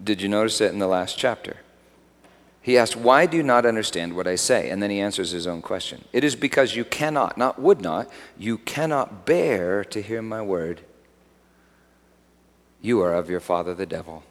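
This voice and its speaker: Animated male preacher in a reverberant hall. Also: on the low side, moderate pace. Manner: animated, swings from hushed to loud emphatic peaks. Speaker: pastor. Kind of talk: sermon.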